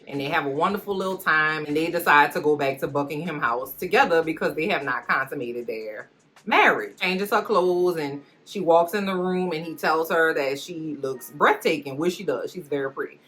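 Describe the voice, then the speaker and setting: A woman vlogger giving a comedic, animated recap of a series, full of slang and jokes. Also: low voice, moderate pace. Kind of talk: comedic watch-along recap.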